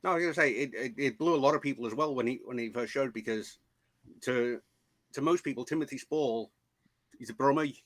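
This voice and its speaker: A man with a mid-range voice joins a podcast as a guest. He talks about films in a casual, halting way and often repeats words before he finds them. The recording is dry and close. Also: mid-range voice, no echo. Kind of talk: casual film discussion.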